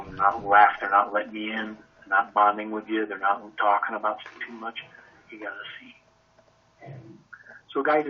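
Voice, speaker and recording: A man with a husky, slightly rough voice leads a training session on a conference call. He talks in an energetic, conversational way and keeps firing off rhetorical questions. The sound is dull and lo-fi. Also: fairly low pitch. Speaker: sales trainer.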